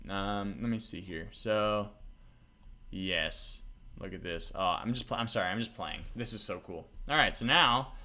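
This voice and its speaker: Male tutorial host, lower voice, chatty and easily thrilled, light keyboard tapping behind. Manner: excitable, laughs often, talks to himself while coding. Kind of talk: casual screen-recorded coding tutorial.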